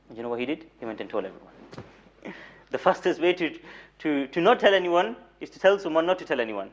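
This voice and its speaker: A young man lecturing in a mosque as a moulana, telling stories with light humor, repeating words for emphasis and reciting Arabic rapidly. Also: fairly high pitch, animated. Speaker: moulana giving a weekly lecture. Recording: dull lo-fi recording.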